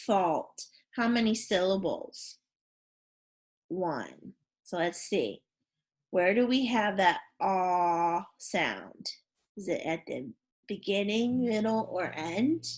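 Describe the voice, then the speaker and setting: A woman teacher leading a phonics and spelling lesson for young pupils, asking questions and encouraging them in a deliberate classroom manner. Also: fairly low pitch, big pitch swings.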